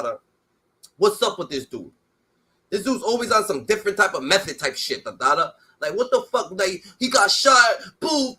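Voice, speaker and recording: High, bright-voiced man ranting profanely. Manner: profane, ranting, repeats filler "da, da, da". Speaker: streamer reacting to a clip. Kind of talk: heated reaction commentary.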